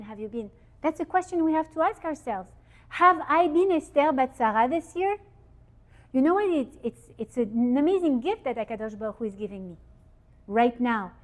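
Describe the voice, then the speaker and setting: A woman teaching at a holiday gathering, her voice sitting a little high. She talks in an animated, conversational way and turns to the audience with questions. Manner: lively, asks the audience questions. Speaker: speaker giving a Torah talk. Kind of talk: informal religious teaching. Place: event hall with audience.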